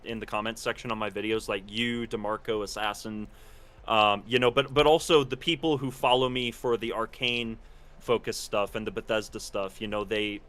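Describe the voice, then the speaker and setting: A man's voice: on the low side, fairly even intonation, normal speed, a bit bright, smooth. A man co-hosting a gaming podcast in casual chat, rambling and self-deprecating, often repeating his first words before he gets going. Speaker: podcast co-host, gaming content creator.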